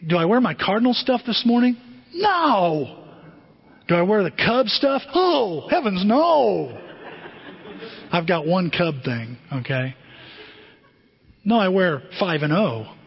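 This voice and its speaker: Animated pastor preaching in a reverberant hall. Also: male voice, high voice, normal speed, husky. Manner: animated, conversational, asks the congregation questions. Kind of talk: sermon. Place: church sanctuary. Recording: dull, muffled sermon recording with long hall reverb.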